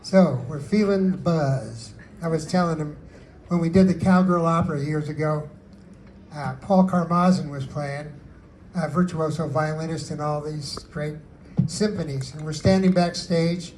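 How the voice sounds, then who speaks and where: A man's voice: a little high, measured pace, a little mellow, slight background noise, rough recording. An older man, a singer-songwriter, telling rambling, folksy stories about his songs at a book store event. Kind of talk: storytelling with live songs.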